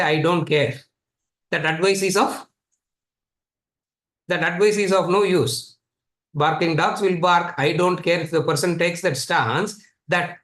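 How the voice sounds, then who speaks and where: Tamil-accented male teacher, fairly high voice, repetitive rhetorical style, echoey room. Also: a bit bright. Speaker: Vedanta teacher. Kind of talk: scripture lecture.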